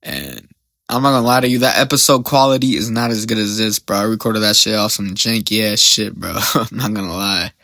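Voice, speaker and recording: A man's voice: fairly low pitch, brisk, creaky, bright, forceful tone, dry recording. A young man hosting a podcast, telling a story in a rambling, slang-heavy way and often getting sidetracked. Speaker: podcast host.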